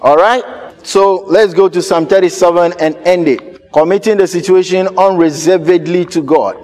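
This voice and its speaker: A pastor, preaching a sermon with emphatic repetition. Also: male voice, sits high, normal speed, darkish tone, big-room sound. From Ghana. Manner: emphatic, repeats key phrases.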